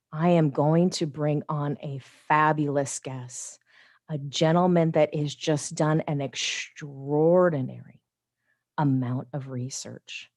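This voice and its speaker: A woman's voice: sits low, dry recording, clean studio sound. A woman hosting a radio talk show, upbeat and effusive as she welcomes her guest. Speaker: host.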